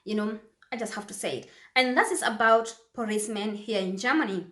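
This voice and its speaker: A woman's voice: medium pitch, a little fast, sharp tone, roomy sound. A woman from Kenya, talking casually to camera as a vlogger and repeating phrases for emphasis.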